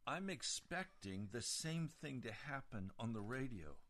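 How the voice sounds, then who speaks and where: A man hosting a religious radio broadcast, speaking in a slow and deliberate manner. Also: mid-range voice, lively intonation, fairly bright tone. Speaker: radio preacher. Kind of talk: casual address on a religious broadcast.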